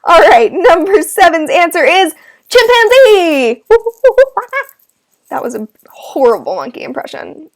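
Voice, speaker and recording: High, lively woman hosting trivia. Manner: playful, jokey asides between questions; reads each question twice. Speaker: trivia host. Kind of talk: hosting a live online trivia game.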